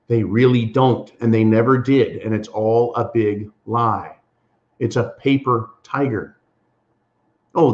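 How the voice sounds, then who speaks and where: An American man rants through a political commentary monologue, indignant and emphatic, again and again turning to his listeners as folks. His voice sits at an ordinary middle pitch. The recording sounds a little dull and lo-fi. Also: a little mellow. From USA. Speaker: channel host.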